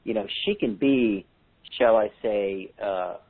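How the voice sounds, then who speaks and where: Over a tinny phone line, a man with a fairly low voice speaks slowly as he hosts a handwriting analysis seminar with callers. His explanations are chatty and sprinkled with joking asides.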